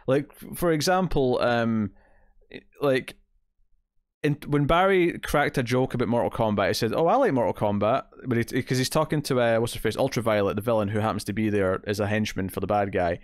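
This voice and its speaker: Man, podcast co-host, casual TV review, rambling, fillers, mid pitch, dry recording. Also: a little fast, no echo. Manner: rambling, lots of fillers and quoted asides.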